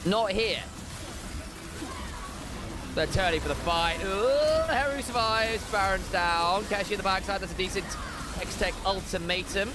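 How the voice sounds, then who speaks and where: A man doing live play-by-play esports commentary, jokey and excitable, on a headset mic. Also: high voice, background noise. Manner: excitable, jokey, rapid shifts from chatty to shouting. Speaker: esports caster.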